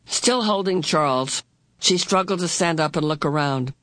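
A woman narrating a storybook in a slow, deliberate, heartfelt way, lifting into the characters' voices for their lines. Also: low voice, a bit bright, no room sound. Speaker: audiobook narrator. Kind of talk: expressive storybook reading.

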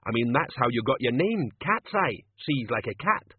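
A man's voice: medium pitch, sing-song, moderate pace, slight background noise, natural voice. A man reading aloud, voicing a tough, bossy gang leader who talks bluntly and sarcastically. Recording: phone-like lo-fi recording.

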